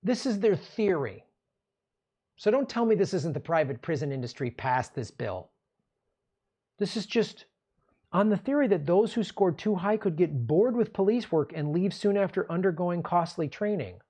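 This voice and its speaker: A man's voice: high-pitched, animated, moderate pace, dark tone, breathy edge. A man hosting a political commentary show, ranting in an angry, sarcastic and profane way.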